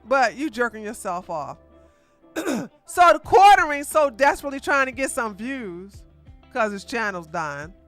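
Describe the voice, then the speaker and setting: Bright, blunt drama commentator. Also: medium pitch, sing-song, unhurried, faint music behind. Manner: blunt, sassy trash-talk; talks straight at the people discussed. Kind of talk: casual live-stream commentary.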